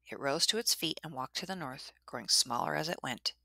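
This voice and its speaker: A woman telling a traditional story in a measured, dramatic narration. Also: low-pitched, creaky, pushed and bright, dry recording, clean studio sound.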